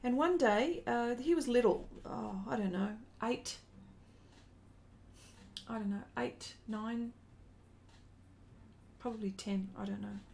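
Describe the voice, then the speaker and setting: A woman's voice: fairly high pitch, slow, vocal fry, long pauses, darkish tone, a little hiss or hum. A woman in her forties telling a rambling story during a casual live stream as an artist and host, breaking off to greet viewers.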